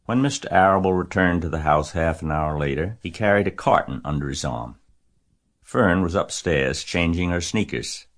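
A man narrating a children's novel aloud in a measured, gentle storytelling manner. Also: sits low, animated. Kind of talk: audiobook reading of a children's novel.

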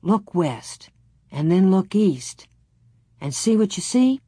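A woman voicing a stern, calm pioneer father who speaks low and quietly. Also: takes it slowly, breathy edge, no echo, heavily acted.

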